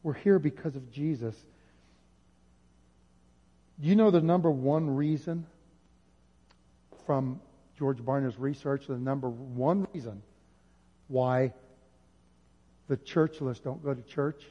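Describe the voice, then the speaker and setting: A male pastor preaching an impassioned sermon, rising at times to near shouting. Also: medium pitch, takes it slowly, pauses often. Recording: dull audio with long hall reverb.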